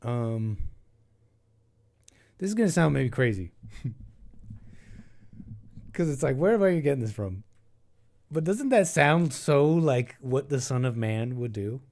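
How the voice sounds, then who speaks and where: A man's voice: mid-range voice, big pitch swings, slow, pauses often, a little mellow. A young man hosting a call-in show, rambling and thinking aloud in casual talk, with many restarts.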